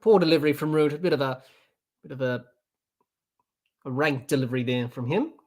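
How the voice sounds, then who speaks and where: A man's voice: mid-range voice, a little fast, a little mellow. A man hosting a podcast, giving unscripted play-by-play cricket commentary with fillers and restarts. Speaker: podcast host doing live match commentary.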